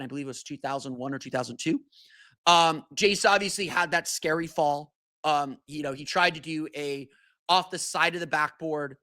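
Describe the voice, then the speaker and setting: A man's voice: on the high side, sharp tone, no room sound. A man hosting a solo sports podcast, talking casually with many restarts and fillers. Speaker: podcast host.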